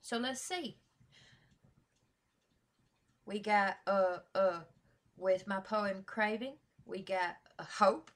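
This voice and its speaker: Slow-talking hyped woman reaction host. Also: medium pitch. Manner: slangy, hyped, profane, lots of shout-outs. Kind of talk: casual reaction vlog chat.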